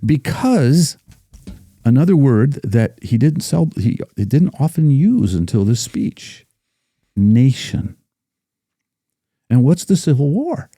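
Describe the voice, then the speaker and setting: Podcast guest, male battlefield guide; emphatic, builds force when reciting; dark voice, dry sound. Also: medium pitch, big pitch swings, slow, long pauses, husky, dry recording. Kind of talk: casual podcast discussion.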